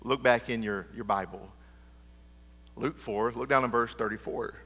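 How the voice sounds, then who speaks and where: A man preaching an emphatic sermon in a church sanctuary, calling for "amen" and dropping low and quiet to drive points home. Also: fairly even intonation, normal speed. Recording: long church hall reverb.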